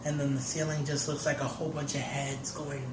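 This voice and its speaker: A man's voice: mid-range voice, little pitch movement, brisk, background noise. Rambling young man, roomy echo. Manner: rambling, fills talk with "like". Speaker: interview guest. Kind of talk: casual storytelling.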